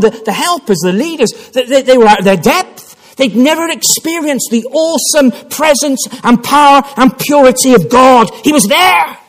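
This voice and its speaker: A man's voice: very high voice, animated, normal speed. A man preaching a sermon in church, telling a story with passion and frequent restarts. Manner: impassioned storytelling with repeated restarts.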